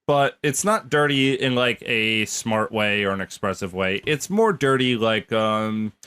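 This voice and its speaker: A man's voice: fairly low pitch, lively intonation, unhurried, a bit bright, clean tone. A man co-hosting a comedy podcast, telling a history story in a blunt, mocking way with filler words. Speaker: podcast co-host.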